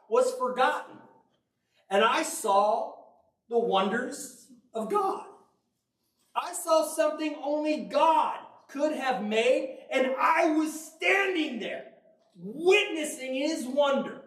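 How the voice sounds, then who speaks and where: High-voiced, slow man preaching casually. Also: echoey room, recorded from a distance, poor audio. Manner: casual, jokey, storytelling. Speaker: faith podcast speaker. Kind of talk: conversational sermon.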